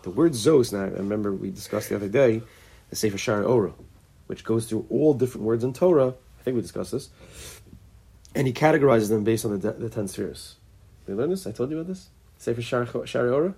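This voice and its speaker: Teacher voice: a man with a slightly husky tone, unhurried and conversational, who circles back over his own words as he explains. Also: medium pitch, lively intonation, mellow. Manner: thinking aloud, restarts and repeats words; mixes Hebrew and Yiddish terms into English. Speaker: teacher leading a study group. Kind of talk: informal Torah class.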